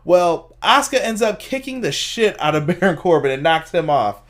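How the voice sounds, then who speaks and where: A man's voice: sits high, normal speed. A man hosting a casual live-streamed wrestling review, recapping matches and reacting to chat. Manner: animated recapper who acts out quotes and laughs at chat. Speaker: wrestling review podcast host.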